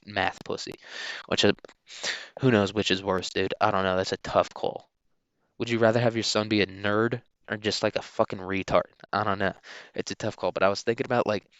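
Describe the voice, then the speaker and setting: A young man hosting a solo podcast, rambling crudely and filling every pause with dude and like. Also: lowish voice, fairly bright tone, clean tone, no echo, highs cut off. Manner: rambling, crude, filler-heavy, keeps saying dude. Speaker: podcast host.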